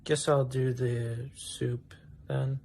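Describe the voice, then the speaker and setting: Hesitant gravelly-voiced customer, a man. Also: mid-range voice, little pitch movement, drawn-out words. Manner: hesitant, unsure, quiet. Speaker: restaurant customer in a comedy sketch.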